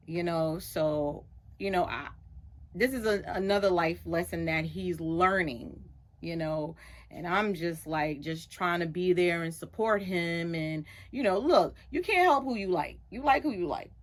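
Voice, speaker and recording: A middle-aged woman, a radio show guest, animatedly retelling a story and acting out other people's lines in a higher voice. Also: unhurried. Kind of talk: storytelling in a casual chat.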